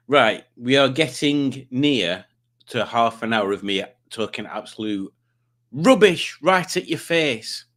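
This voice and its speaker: A man's voice: medium pitch, expressive, measured pace, fairly bright tone. Jokey man hosting a stream. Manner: rambling, self-mocking, jokey. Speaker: quiz stream host. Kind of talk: casual livestream chat.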